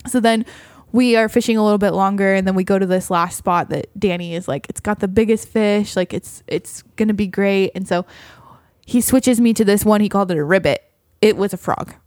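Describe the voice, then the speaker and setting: A woman's voice: medium pitch, fairly quick, no echo. A woman telling a story in casual chat, laughing often and acting out what people said.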